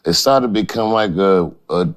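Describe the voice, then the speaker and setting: A man with a very deep voice recalls old times in an interview. He talks softly, stalls and restarts often, and searches for his words. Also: expressive. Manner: soft-spoken, halting, with many restarts. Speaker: comedian. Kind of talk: reminiscing in an interview.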